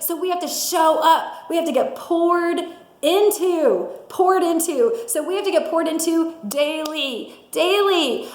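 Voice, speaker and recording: Brief: upbeat middle-aged woman, high voice, motivational speaker, roomy echo. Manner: energetic, laughs often, acts out quotes. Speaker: sales director giving a mindset talk. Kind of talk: motivational talk.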